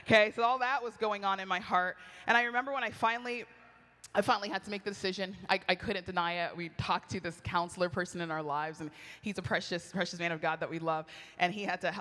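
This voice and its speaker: A woman gives a conversational sermon at a women's retreat, chatty and expressive as she tells personal stories. Her tone is bright and forceful. The voice rings with long reverb from a large hall. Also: on the low side, fast talker. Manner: animated, chatty, laughs often, acts out quoted lines. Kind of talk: storytelling sermon.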